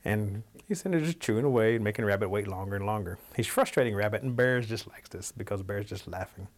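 A man telling a traditional animal folk tale in a relaxed, animated storytelling manner. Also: lowish voice, fast talker.

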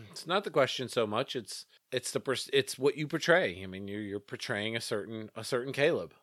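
A man's voice: mid-range voice, normal speed, fairly bright tone, no room sound, studio quality. A Southern man hosting a casual chat who teases his friends and laughs easily.

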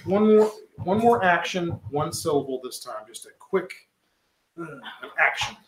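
A man's voice: on the high side, lively intonation, normal speed, roomy sound, a little hiss or hum. A man running a word game among friends and hurrying them to answer. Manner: pushy, hurrying others along. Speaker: game leader asking for words. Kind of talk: casual group game.

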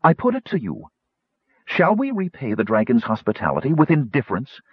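A fiery woman warrior argues her case with force and conviction, as a male reader puts her on. The voice is husky and dry, with lively, swinging pitch. The sound is dull and lo-fi. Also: fairly quick, dry recording, heavily acted. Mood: persuasive. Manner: forceful, persuasive.

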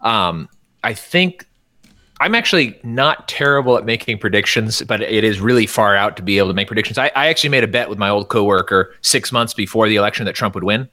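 A man's voice: on the low side, brisk, pushed and bright, dry recording, studio quality. A man from the United States, a podcast guest, giving rambling, opinionated takes in casual political chat, with many restarts.

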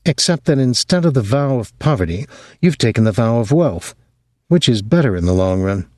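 A man's voice: mid-range voice, lively intonation, moderate pace, a little mellow, no echo, clean studio sound, natural voice. A male audiobook narrator voicing a bitter, sarcastic adult woman with a harsh tongue. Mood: mocking. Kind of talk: audiobook reading.

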